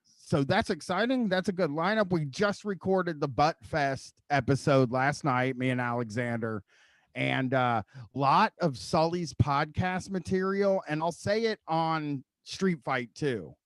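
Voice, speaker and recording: A man hosting a podcast, rambling and profane, riffing with an amused edge. His voice sits a little higher than most men's. The sound is dry and close. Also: a little slow, no echo. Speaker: podcast host. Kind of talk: casual chat.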